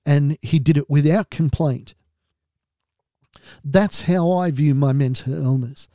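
A man's voice: on the high side, takes it slowly, warm tone, no echo, clean studio sound. An Australian man hosting a podcast, talking candidly and earnestly about his own experience, with a wry edge. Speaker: podcast host. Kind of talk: personal podcast monologue.

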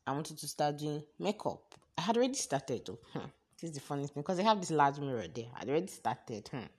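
Low-voiced Nigerian woman telling a story. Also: quick pace. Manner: chatty, animated, exasperated storyteller. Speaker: podcast host. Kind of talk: casual storytelling.

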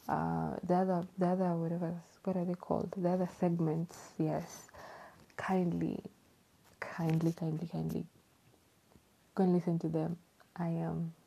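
A woman hosts her podcast in a hushed, partly whispered voice at home at night. Her tone is very dark and husky with a gravelly edge. She chats loosely, laughs often and repeats herself. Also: on the low side, low-quality recording. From Kenya. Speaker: podcast host. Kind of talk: casual podcast chat, half whispered. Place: home at night, people asleep.

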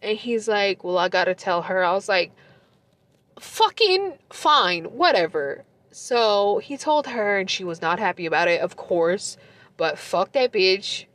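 A woman's voice: medium pitch, normal speed. Tearful young woman telling a breakup story. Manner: emotional, swears a lot, laughs through tears. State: close to tears. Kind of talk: casual confessional storytime.

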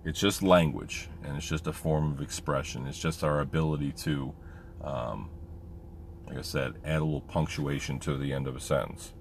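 A man's voice: rumbling low, normal speed, vocal fry, slight background noise. A man and military veteran talking candidly in a casual monologue, rambling with many fillers.

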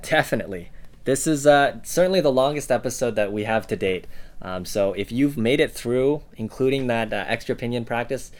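A man co-hosting a language-learning podcast, explaining words in a relaxed way with fillers. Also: medium pitch, brisk. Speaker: podcast co-host. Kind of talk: casual language lesson podcast.

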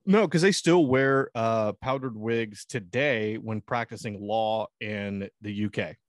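An American man co-hosts a casual podcast chat in a lowish voice, speaking a little slowly, crude and laughing often. The recording is dry with clean studio sound.

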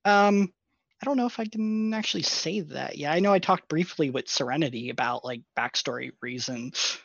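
A man speaks in a casual chat in a dry, slightly dull recording. He is thoughtful and measured, with plenty of fillers as he works out his points. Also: fairly high pitch, vocal fry, a bit bright, no room sound. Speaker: tabletop game player.

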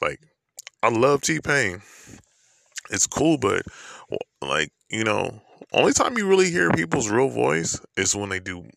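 Vlogger, male, very low gravelly voice, bright edge, loose slangy rant with fillers. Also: dry recording. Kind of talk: casual opinion monologue.

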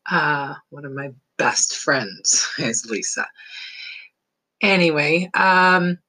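A woman's voice: low-pitched, animated, slow, sharp tone, rough recording. A woman telling a personal story in a casual, rambling way, chuckling often between phrases.

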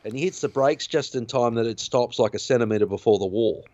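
Talking a little fast in a medium-pitched, slightly mellow voice, a podcast host loosely recaps a film's story. His rambling is peppered with fillers and restarts, all captured in a dull, lo-fi, dry recording with no echo.

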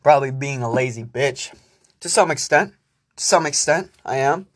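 A man's voice: medium pitch, normal speed. A young man hosting a casual solo podcast, rambling and swearing freely as he talks to himself and his listeners. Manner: profane, rambling, self-talking. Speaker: podcast host.

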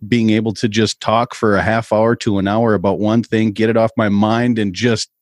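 A man's voice: lowish voice, little pitch movement, moderate pace, dry recording, clean studio sound. A man from Minnesota, a guest on a podcast, chatting casually and telling stories in an easygoing way. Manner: easygoing storyteller.

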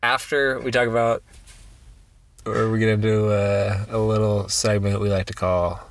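A man's voice: fairly low pitch, level tone, measured pace, vocal fry, dry recording. A man hosting a podcast in casual chat, rambling, laughing and trailing off mid-sentence. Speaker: podcast host.

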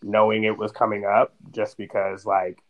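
Lowish-voiced man telling a story, rambling. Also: completely flat delivery, normal speed, lo-fi sound. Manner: rambling storytelling, heavy use of "like". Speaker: podcast co-host. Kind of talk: casual podcast chat.

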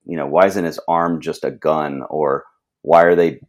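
Man, very deep voice, hesitant, co-host, casual chat. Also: fairly even intonation, moderate pace. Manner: hesitant, trailing off. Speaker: podcast co-host. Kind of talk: casual film discussion.

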